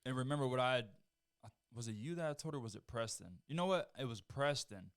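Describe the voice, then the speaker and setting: A man sits in as a podcast guest and tells stories in an easygoing, profane way. His voice is smooth and resonant, at an ordinary middle pitch. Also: expressive, a little fast. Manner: laid-back storytelling, swears freely. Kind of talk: casual chat.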